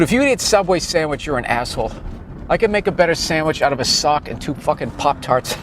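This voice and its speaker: Crude, animated man riffing on a street. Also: a little high, a little hiss or hum, low-quality recording. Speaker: vlogger. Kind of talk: profane comedic ramble while riding down a street. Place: outdoors on a city street, moving.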